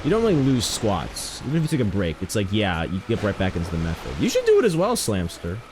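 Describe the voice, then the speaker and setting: A man's voice: lowish voice, fast talker, background noise. A young man chatting casually while streaming a game, joking, rambling and telling stories to his chat. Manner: joking, rambling, animated storytelling.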